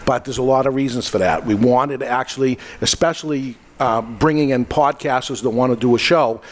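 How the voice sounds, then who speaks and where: A man's voice: mid-range voice, fairly quick. A man who runs a podcast studio, chatting at a panel and telling a story, acting out the quoted lines. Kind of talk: casual panel talk.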